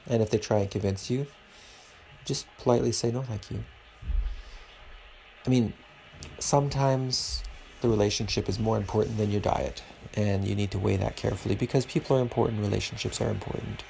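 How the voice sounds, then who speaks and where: Gravelly-voiced man, earnest podcast talk. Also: on the low side, fairly even intonation, fairly quick, a little mellow, a little hiss or hum, low-quality recording. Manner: earnest, preachy and rambling. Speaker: podcast host. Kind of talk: casual podcast monologue.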